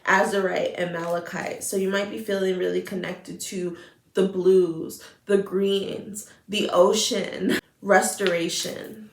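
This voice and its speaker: A woman's voice: on the low side, steady tone, a little slow, gravelly, a little hiss or hum. A woman giving a spiritual tarot reading in an earnest, emotional way, often repeating her phrases. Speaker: tarot reader. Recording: roomy echo.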